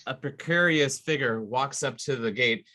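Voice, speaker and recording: A man's voice: mid-range voice, normal speed, bright, forceful tone. A man running a tabletop game as game master, narrating in a playful, teasing way.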